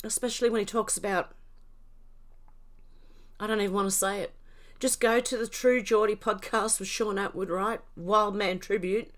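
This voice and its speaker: This older Australian livestream host reads viewer comments and laughs herself to tears, snorting and giggling breathlessly. Her mid-range voice is fairly bright with fairly even intonation, spoken at normal speed with long pauses.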